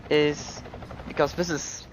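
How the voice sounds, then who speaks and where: A man's voice: fairly high pitch, slow pace. A man giving casual, joking commentary on a speedrun into a headset. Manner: relaxed, joking asides.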